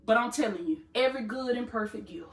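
A woman's voice: fairly high pitch, quick pace, reverberant, soft background music. A woman preaching a sermon in a fervent, rhythmic style, repeating phrases and calling her listeners "baby" in casual speech. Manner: colloquial, calls listeners "baby". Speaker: preacher and podcast host. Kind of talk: live-streamed sermon.

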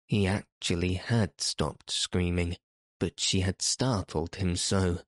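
Male audiobook narrator, very low voice, dry close studio sound. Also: fairly even intonation, slow pace, no echo. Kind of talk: scripted narration.

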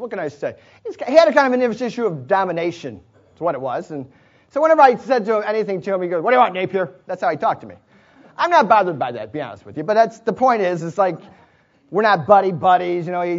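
Brief: male preacher, high voice, storytelling sermon with chuckles and asides, dull lo-fi sound. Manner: chuckles often, conversational asides. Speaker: pastor. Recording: dull lo-fi recording.

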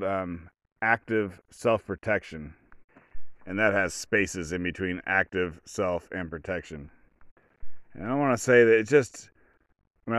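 A man's voice: fairly low pitch, no echo, clean studio sound. A man hosting a solo podcast, telling a story in a rambling way and often stopping mid-sentence to restart. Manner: rambling, self-interrupting storyteller. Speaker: podcast host. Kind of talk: solo casual podcast monologue.

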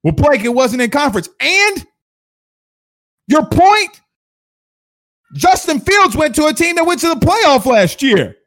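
High-voiced fired-up sports host. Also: male voice, very animated, a little fast, few pauses, fairly bright tone. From Louisiana, USA. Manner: fired-up, combative, sarcastic. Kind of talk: livestream sports rant.

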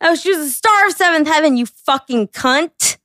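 A woman's voice: sits high, expressive, moderate pace, a bit bright, no echo, clean studio sound. A young adult woman co-hosting a casual chat podcast, mocking and profane, laughing often. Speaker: podcast co-host.

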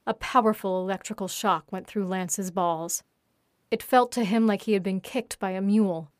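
A woman narrating a written erotic story in a steady, even reading voice. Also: mid-range voice, normal speed, no room sound, clean studio sound.

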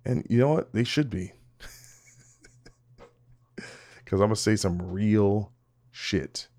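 Rambling, self-mocking podcast host, low male voice. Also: extremely slow, warm tone. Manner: rambling, self-mocking, frequent restarts and laughs; swearing, direct address to listeners. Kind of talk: casual solo podcast monologue.

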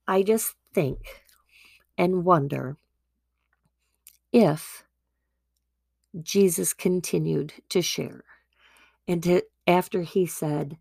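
A woman hosting a devotional podcast tells a Bible story in an earnest, chatty way. Her voice is low-pitched and heavily gravelly, and she speaks slowly. The recording is close and dry. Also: dark tone, no room sound. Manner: earnest, conversational, with frequent restarts. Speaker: podcast host.

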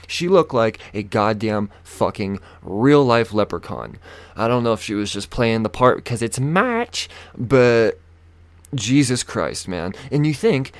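A young man hosting a podcast, telling a story in casual chat, swearing heavily and acting out other people in a raised voice. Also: mid-range voice. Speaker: podcast host.

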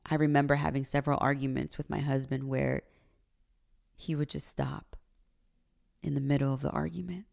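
Low, gravelly-voiced woman podcaster. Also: flat delivery, normal speed, pauses often, darkish tone. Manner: earnest, confessional, emotional at times. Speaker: podcast host. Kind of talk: personal faith podcast monologue.

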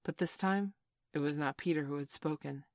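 A woman reading a children's classic aloud as narrator, steady and expressive. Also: deep voice, normal speed, no room sound, clean studio sound.

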